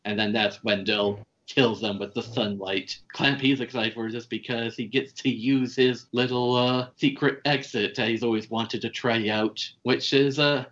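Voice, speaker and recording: Dude rambling thru a movie recap on a podcast, swears a lot, kinda muffled lo-fi sound. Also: male voice, mid-range voice, fairly bright tone. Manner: rambling plot retelling with swearing and fillers. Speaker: podcast host. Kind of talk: casual movie recap chat.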